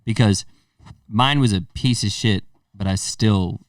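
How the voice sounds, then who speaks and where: A man's voice: fairly low pitch, measured pace, dry recording, studio quality, recorded from a distance. A man co-hosting a podcast, chatting casually and telling loose, profane stories. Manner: loose, storytelling, swearing freely. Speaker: podcast co-host. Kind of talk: casual chat.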